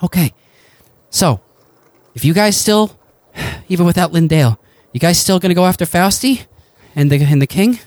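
A man's voice: animated, moderate pace, darkish tone, no room sound. A man voicing a weary, rambling male rebel leader in a tabletop game, sighing as he talks. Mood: earnest. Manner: sighing, rambling, high-strung. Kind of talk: tabletop role-play character voice.

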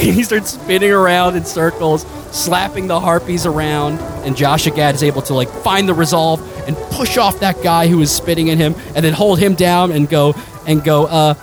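A man's voice: on the high side, fairly even intonation, moderate pace, hardly any pauses, music in the background. A man running a tabletop game as game master, rambling with many fillers and crude asides.

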